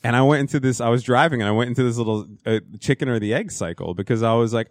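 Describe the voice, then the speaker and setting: A man's voice: medium pitch, very fast, no echo, clean studio sound. A man in his thirties hosting a podcast, chatting in a rambling, profane way. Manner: rambling and profane, with frequent laughs. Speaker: podcast host. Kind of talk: casual chat.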